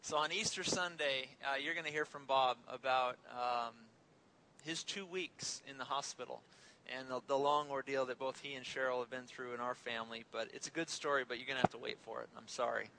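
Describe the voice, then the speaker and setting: A man's voice: medium pitch, fairly even intonation, brisk, gravelly, sharp tone, a little hiss or hum, low-quality recording. A man in his thirties preaching a sermon as a pastor, conversational and joking, telling family stories.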